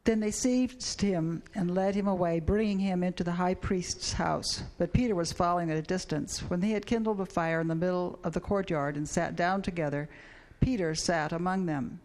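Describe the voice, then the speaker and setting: A class member reading a scripture passage aloud in a steady, even way. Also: mid-range voice, normal speed.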